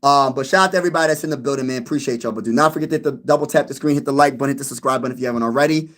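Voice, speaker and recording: A man's voice: medium pitch, racing, a bit bright. A man hosting his own sports channel, talking casually to his viewers, repeating himself and laughing at his own jokes. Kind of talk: casual sports vlog chat.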